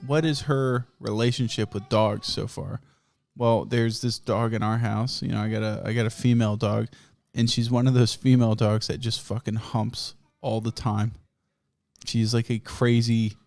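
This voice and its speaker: A man's voice: mid-range voice, darkish tone. A man hosting a podcast, telling rambling, profane comic stories and laughing often. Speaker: podcast host. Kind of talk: casual comedic storytelling.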